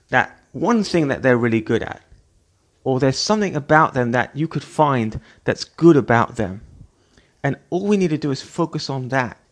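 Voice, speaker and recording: Earnest middle-aged male host, motivational monologue, repetitive delivery, average pitch. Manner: earnest, repetitive, acts out scolding parent voices. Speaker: podcast host.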